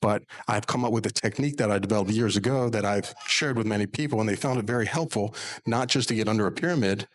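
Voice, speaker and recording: Earnest storytelling man, low voice. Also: fairly bright tone, low-quality recording. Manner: earnest, folksy, with rhetorical "right?" tags. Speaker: spiritual healer and pyramid meditation teacher. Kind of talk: storytelling monologue.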